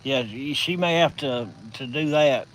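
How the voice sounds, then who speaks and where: A man with a Southern US accent hosting a casual live stream from his phone, telling stories in a folksy, drawn-out way. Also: medium pitch, heavy background noise. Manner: folksy, drawn-out storytelling with chuckles.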